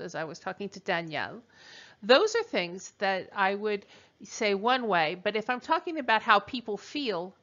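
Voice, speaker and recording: A woman teacher walks students through a recorded translation drill, speaking slowly and deliberately. Her voice is bright and clear. The recording has a dull, lo-fi sound. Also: medium pitch. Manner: slow, deliberate dictation with pauses. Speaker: French teacher.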